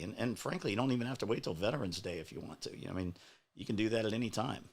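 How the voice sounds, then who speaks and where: A man on a casual talk show, speaking in a measured, reflective way with many fillers. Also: lowish voice, creaky.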